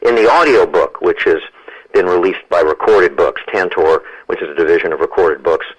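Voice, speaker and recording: A man in his sixties speaks as a guest on a radio interview, his voice sitting deep and low. He is emphatic and insistent, and often repeats a word before pushing on. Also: normal speed, husky, low-quality recording. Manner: emphatic, repeats words as he goes. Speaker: guest author and lawyer.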